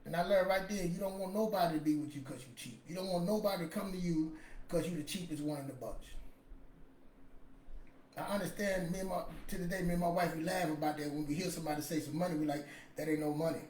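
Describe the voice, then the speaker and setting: A man's voice: sits high, fast talker, a little mellow, distant mic, a little hiss or hum. A man, casually telling a motivational story in a rambling, emphatic way. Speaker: podcast host. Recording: echoey room with faint ambience.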